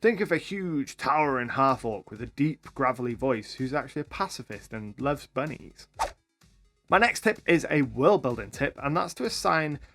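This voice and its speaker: A man hosting a tutorial for game masters, talking to camera with upbeat, lively energy. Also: mid-range voice, normal speed. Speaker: YouTube host and game master.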